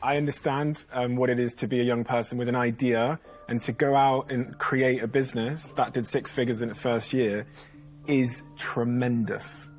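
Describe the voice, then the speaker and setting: Young male investor, measured and firm. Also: mid-range voice, fairly even intonation, faint music behind. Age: young adult.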